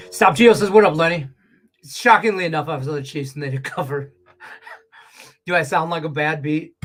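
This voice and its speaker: A man's voice: a little high, moderate pace, long pauses. A man on a sports betting show, ranting with profanity and heat, his voice congested from stuffed sinuses. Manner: profane, ranting, heated and animated. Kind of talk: casual sports betting talk show rant. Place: Las Vegas.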